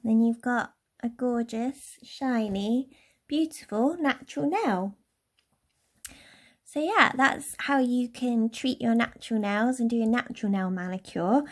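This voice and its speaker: A young woman from Somerset giving a relaxed, chatty nail care tutorial in a lightly posh English accent. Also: on the high side, measured pace. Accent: posh-leaning southern English. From Somerset, England. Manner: chatty, relaxed, with soft laughs. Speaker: beauty tutorial host.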